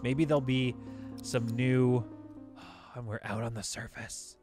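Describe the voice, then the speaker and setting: A man giving chatty, excitable let's-play commentary while playing a space game, laughing often, with game music behind. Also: medium pitch, slow. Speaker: gaming YouTuber.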